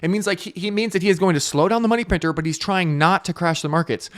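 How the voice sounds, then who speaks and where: A man hosting a crypto trading show, giving energetic casual market commentary to camera on a webcam and checking in with "right?" again and again. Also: high-pitched, fast, no room sound, clean studio sound. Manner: energetic, repetitive, frequent "right?" tags.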